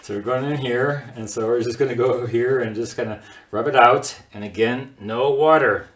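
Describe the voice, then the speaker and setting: A man's voice: medium pitch, steady tone, normal speed, fairly bright tone. Chatty man teaching watercolor, echoey room. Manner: chatty, laughs often, talks while working. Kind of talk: casual live paint-along demonstration. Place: home studio.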